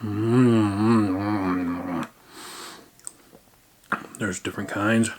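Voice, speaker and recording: A man's voice: on the low side, fairly even intonation, drawn-out words, noisy background. A man casually chatting through a snack taste-test vlog, playful and muttering while he chews. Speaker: vlogger. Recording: crinkling snack bags close by.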